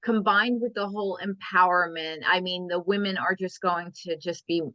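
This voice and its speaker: A woman's voice: fairly low pitch, steady tone, moderate pace, pushed and bright, dry recording. A woman hosting a business-coaching interview, enthusiastic and full of praise. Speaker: host, wealth and business coach. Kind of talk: podcast interview. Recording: dull, dry lo-fi audio.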